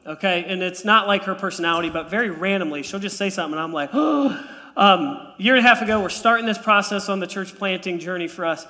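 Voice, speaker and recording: A man in his thirties preaching a sermon in a church, telling stories with playful asides. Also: sits high. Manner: animated storytelling with playful asides. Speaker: pastor. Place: church sanctuary. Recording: long reverb of a church hall.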